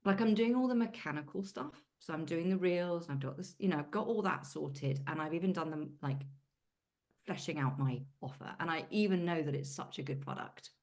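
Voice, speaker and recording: Low-voiced British woman, chatty. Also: a little fast, a little mellow. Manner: chatty, swears casually, British idioms. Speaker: coaching client. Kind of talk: casual group coaching call.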